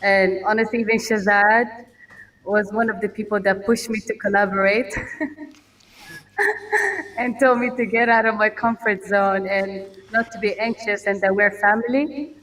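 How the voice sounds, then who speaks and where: A woman's voice: medium pitch, measured pace. Chatty woman on a distant video call. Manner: laughs often, chatty and warm. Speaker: guest musician. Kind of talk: casual remote interview.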